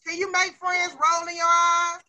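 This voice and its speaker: Woman teacher, high bright voice, expressive and coaxing, questioning small kids in class. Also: moderate pace, slight background noise. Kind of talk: classroom lesson with young children.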